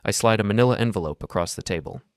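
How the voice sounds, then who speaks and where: A man narrating a first-person story in a calm, measured, coolly detached way. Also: on the low side, no echo, clean studio sound.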